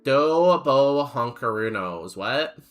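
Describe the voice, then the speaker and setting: A man's voice: mid-range voice, lively intonation, slow, muffled recording, faint music behind. A young man streaming a game, chatting casually with his chat in a rambling, jokey way full of fillers. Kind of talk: casual chat while playing and reading chat.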